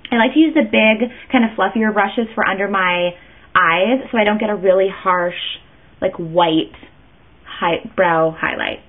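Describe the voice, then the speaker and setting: A woman's voice: medium pitch, measured pace. A woman chatting her way through a makeup tutorial, rambling and interrupting herself as she goes. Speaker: beauty vlogger. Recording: tinny phone-like sound.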